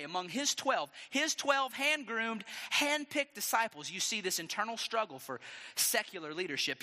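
A male pastor delivering a sermon with dramatic, animated storytelling and a string of rhetorical questions. His voice sits high and very bright, and it leaps around expressively. Long reverb from a large hall follows every phrase.

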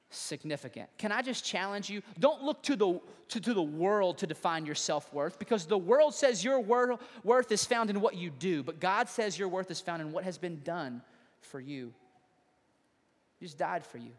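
A man pastor preaching a sermon, building from quiet questions to rising appeals. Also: high voice, in a large hall. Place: church sanctuary.

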